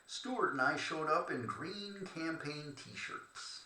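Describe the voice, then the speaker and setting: A man's voice: fairly high pitch, slow pace, sharp tone, roomy sound, low-quality recording. A man reading his memoir aloud in a loose, chatty way, stopping to joke and fumble between passages. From Cleveland, Ohio. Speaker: termite treatment contractor telling his story.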